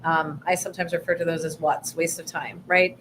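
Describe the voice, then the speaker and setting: A woman co-hosting a workshop on pitching investors, upbeat and reactive, and she also promotes a training program. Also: little pitch movement, a little fast, a bit bright, slight background noise, low-quality recording. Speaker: workshop co-host.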